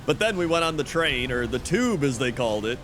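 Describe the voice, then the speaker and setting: A man's voice: on the high side, noisy background. A young man streaming, chatting casually with a rambling, profane storytelling manner. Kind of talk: casual chat.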